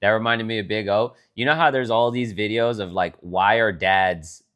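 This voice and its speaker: A man's voice: fairly low pitch, normal speed, a bit bright. A young man co-hosting a podcast in casual chat, blunt and teasing and swearing freely. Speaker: podcast co-host.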